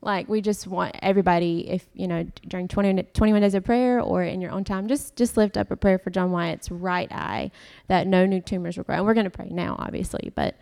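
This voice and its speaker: A woman's voice: on the low side, steady tone, brisk, creaky, a little mellow. A young woman giving a heartfelt personal testimony in church, rambling a little with fillers and restarts.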